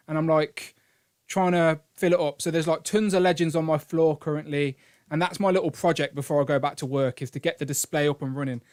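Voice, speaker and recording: British man chatting on a live stream. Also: fairly high pitch. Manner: rambling and jokey, reads out donations. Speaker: host of a toy collecting live stream. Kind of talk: casual live-stream chat.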